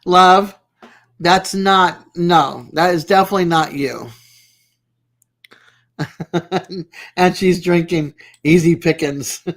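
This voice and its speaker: A woman's voice: lowish voice, steady tone, extremely slow, long pauses. A woman hosting a casual livestream from home, giggly and teasing as she chats with her viewers by name. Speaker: livestream host. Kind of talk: casual chat with live viewers.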